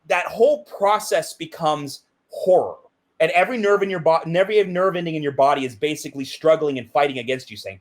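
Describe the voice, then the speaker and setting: A middle-aged man giving an interview, talking intensely and emphatically, often checking in with "right?". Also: fairly high pitch. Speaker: interview guest, BASE jumper. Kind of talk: reflective interview talk.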